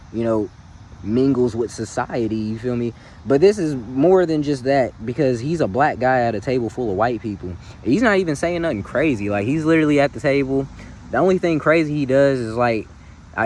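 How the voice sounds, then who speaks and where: A movie recap host casually retells a film's plot in slangy, loose talk, his mid-range voice carrying a little hiss or hum. He keeps checking in with the listener, sprinkling in "you feel me" asides.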